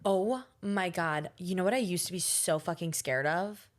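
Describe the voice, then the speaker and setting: A woman's voice: fairly low pitch, normal speed. A young woman co-hosting a podcast in casual chat, reacting emphatically and blurting short interjections. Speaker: podcast co-host.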